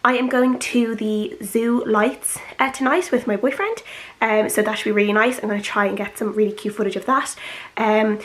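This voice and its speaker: A woman's voice: mid-range voice, moderate pace, poor audio. A young Irish woman in her twenties, a book vlogger chatting casually and rambling with lots of filler words. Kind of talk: casual chat.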